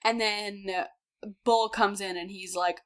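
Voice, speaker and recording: A woman's voice: mid-range voice, steady tone, slow pace, a crowd in the background. A woman co-hosting a podcast, casually recapping a book, laughing often and acting out characters in playful voices. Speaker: podcast co-host. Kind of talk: casual book discussion chat.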